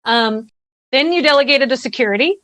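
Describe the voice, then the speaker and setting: A woman's voice: high-pitched, brisk, fairly bright tone, dry recording. A woman presenting at a virtual summit, giving earnest, conversational advice and often checking in with "right?". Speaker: workshop presenter. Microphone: video call.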